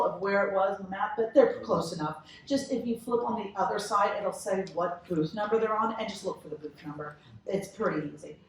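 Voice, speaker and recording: A woman's voice: a little high, darkish tone, a little hiss or hum. A woman from Texas, telling stories as a panelist at a convention panel, chatty and giggly. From Texas, United States. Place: large convention hall. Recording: echoey hall from far off.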